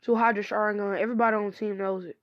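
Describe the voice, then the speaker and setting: A woman's voice: medium pitch, fairly even intonation, rapid-fire, natural voice. Naruto, a woman doing a brash teenage boy ninja. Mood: boastful. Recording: dull lo-fi recording.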